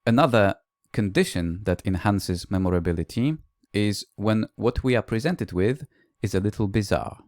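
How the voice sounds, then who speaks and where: A man's voice: lowish voice, moderate pace, few pauses, a little mellow, no echo, clean studio sound. A man, a language teacher, giving a recorded conference presentation that mixes explanation with classroom anecdotes and the odd "uh".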